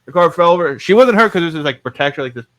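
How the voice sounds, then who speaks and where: Bright-voiced rambling podcast host man. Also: a little high, expressive, rapid-fire. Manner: rambling, self-mocking, swears freely. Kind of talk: casual podcast storytelling.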